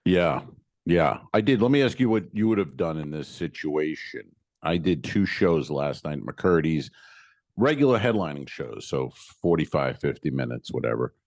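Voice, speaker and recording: A man's voice: very deep voice, lively intonation, normal speed, darkish tone, dry recording. A man, a stand-up comedian hosting a podcast, chatting loosely and rambling, swearing now and then. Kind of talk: casual podcast chat.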